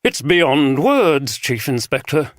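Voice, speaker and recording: A man's voice: a little high, sing-song, slow pace, no room sound, clean studio sound, pitched above the performer's own voice. A man voicing a portly, frank male bishop with a northern English accent. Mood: grave. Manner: frank, earnest.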